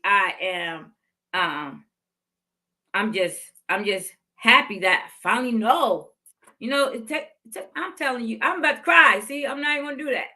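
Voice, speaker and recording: A woman's voice: on the high side, pushed and bright. A woman in her fifties hosting a podcast, giving heartfelt motivational faith talk and repeating phrases for emphasis. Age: 50s. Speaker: podcast host.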